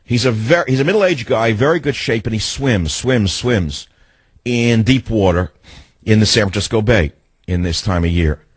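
A man's voice: fairly low pitch, normal speed, husky, dry recording. A man hosting a talk radio show, telling stories with energy, ranting and acting out what people said. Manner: animated storytelling, ranting, acts out quotes. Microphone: studio microphone.

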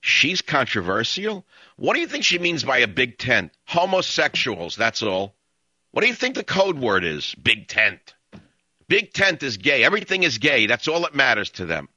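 A man's voice: mid-range voice, very animated, normal speed, bright, forceful tone, no echo. A man hosting a talk radio show, ranting and sarcastic as he cuts in on callers. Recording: dull lo-fi broadcast audio.

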